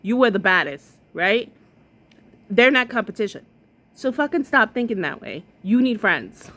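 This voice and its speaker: A sassy woman host talks back at a clip in casual commentary, her voice rising and falling in a lively, animated way. She is blunt, swears freely and laughs often, at a middling pitch. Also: moderate pace. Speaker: reaction video host.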